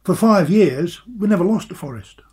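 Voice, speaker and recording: An older man, a former footballer reminiscing in casual chat, telling stories in an animated way with repeated words. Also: sits high, moderate pace, breathy edge.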